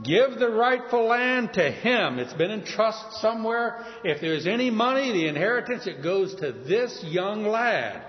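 Man doing a kindly old king, reassuring, generous, high lively voice, dull echoing hall. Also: unhurried, hardly any pauses. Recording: dull audio in a reverberant hall.

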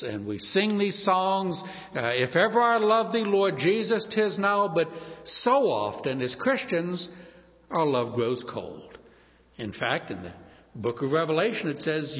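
A man preaching a sermon, emphatic, with a voice that rises and falls. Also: on the high side. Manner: emphatic, rising and falling. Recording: dull lo-fi audio in a long-reverb hall.

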